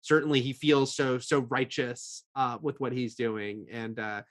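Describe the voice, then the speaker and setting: A man co-hosting a casual TV review chat, rambling with many fillers and quick laughs. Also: medium pitch, little pitch movement, fairly bright tone. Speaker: film and TV critic co-host.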